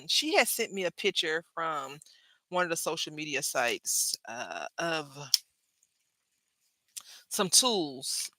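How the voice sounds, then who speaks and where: Working at her craft desk, a woman with a fairly low, sharp voice chats casually to her channel's viewers, with no room sound in the recording. She talks straight to the audience and chat and laughs a lot.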